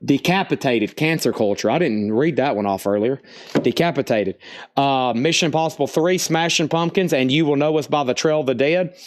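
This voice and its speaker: A man hosting a live-streamed vinyl record sale, briskly rattling off album titles, starting bids and who bought what. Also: mid-range voice, background noise. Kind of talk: live-stream auction patter.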